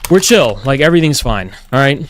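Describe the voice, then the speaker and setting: A man's voice: mid-range voice, big pitch swings, brisk, a little hiss or hum. A man streaming, telling a long story in a blunt, profane manner and quoting others mockingly. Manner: blunt, swears a lot, quotes others mockingly. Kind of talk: casual storytelling.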